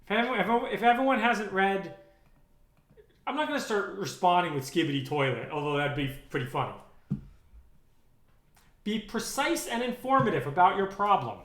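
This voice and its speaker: A man's voice: high voice, animated, moderate pace, pauses often, fairly bright tone, reverberant. A man in his thirties live-streaming his programming work, talking bluntly and with exasperation, often restarting his sentences. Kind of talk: casual live-stream talk.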